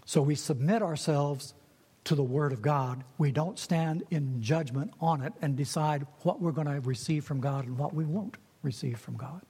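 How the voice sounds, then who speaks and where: A man's voice: a little high, normal speed, mellow, breathy edge. A man preaching a sermon in an earnest way, repeating key phrases for emphasis. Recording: long reverb of a hall.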